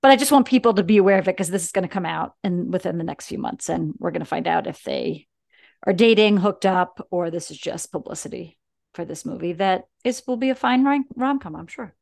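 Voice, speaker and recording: A woman's voice: on the low side, lively intonation, a little fast, creaky, a little mellow. A young woman co-hosting a podcast in casual chat, fillng her talk with "like" as she explains and defends her view. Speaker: podcast co-host.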